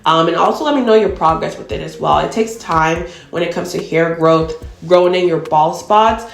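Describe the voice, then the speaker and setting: A woman's voice: on the low side, normal speed, gravelly. Chatty woman vlogger in an echoey room. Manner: chatty, addresses viewers as y'all. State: tearful, emotional. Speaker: beauty vlogger. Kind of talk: casual chat to camera.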